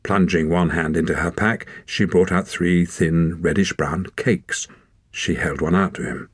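Deep, husky male audiobook narrator. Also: fairly even intonation, unhurried, dry recording, clean studio sound. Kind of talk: scripted narration.

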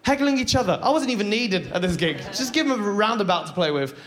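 A man works a live comedy crowd in a high, bright-pitched voice. He is animated and keeps slipping into squeaky mock voices for his characters between punchlines. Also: fairly quick, hardly any pauses. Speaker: stand-up comedian. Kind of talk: stand-up comedy set. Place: live comedy stage before an audience.

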